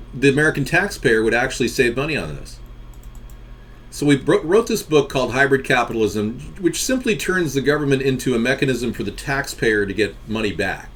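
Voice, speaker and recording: A man's voice: mid-range voice, a bit bright. A man hosting a casual live stream, rambling and joking as he reacts to viewers' chat comments.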